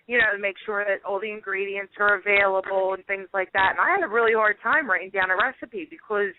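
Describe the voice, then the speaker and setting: A woman with a Philadelphia accent, a home cook telling lively stories as a radio guest, laughing often and filling her talk with "you know" and "like.". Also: mid-range voice, fast talker, slight background noise. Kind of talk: phone-in radio interview. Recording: tinny phone line.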